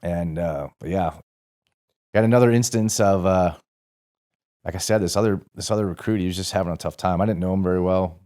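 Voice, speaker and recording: A man's voice: low voice, a little fast, a little mellow. A man in his forties from St. Louis, a podcast guest telling a rambling, profane story in a casual way and correcting himself as he goes. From St. Louis, USA. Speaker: podcast guest, former Marine.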